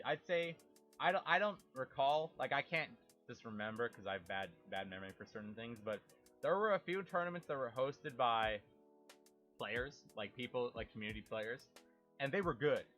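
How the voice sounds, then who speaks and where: Bright, animated young man ranting. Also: medium pitch. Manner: animated, swears a lot, mimics game sounds. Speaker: gaming YouTuber. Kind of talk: casual rambling monologue.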